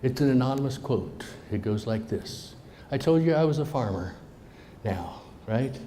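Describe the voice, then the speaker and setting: Man telling stories with a mellow voice. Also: mid-range voice, animated, moderate pace, a little hiss or hum. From Southern United States. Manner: swings between emphatic loud lines and hushed near-whispered asides. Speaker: motivational speaker. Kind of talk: storytelling speech to a live audience. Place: meeting room with a live audience.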